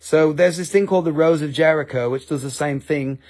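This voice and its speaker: A crystal seller on a live stream, speaking with an Appalachian accent, rambles through casual sales talk, making self-deprecating jokes and swearing freely. His voice is fairly high-pitched and darkish, and he talks a little fast.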